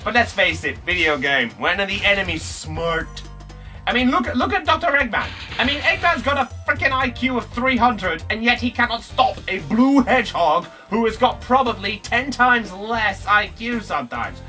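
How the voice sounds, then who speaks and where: A young man giving jokey, excitable let's play commentary, yelping and swearing as he plays. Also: high-pitched, normal speed, distant mic. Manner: excitable, jokey, swears, bursts into yelps and shouts. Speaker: gaming YouTuber. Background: game music.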